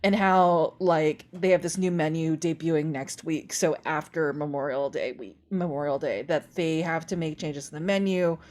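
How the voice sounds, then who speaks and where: A woman guest on a podcast, telling animated stories in casual chat and filling her talk with "like". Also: deep voice, normal speed, hardly any pauses. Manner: animated storytelling, lots of "like".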